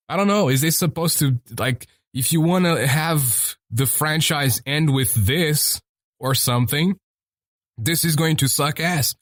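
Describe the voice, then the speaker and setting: A man's voice: fairly high pitch, measured pace, fairly bright tone, dry recording, clean studio sound. A man hosting a podcast in casual chat, rambling and swearing freely as he rants. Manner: rambling and profane. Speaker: podcast host.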